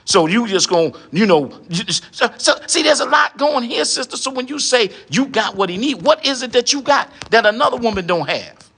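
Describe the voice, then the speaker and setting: A middle-aged man delivers a preachy monologue. His voice sits high and bright. He lectures through a string of rhetorical questions, often with a pointed "huh?". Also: very animated, a little fast, vocal fry, slightly rough. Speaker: online commentator addressing women.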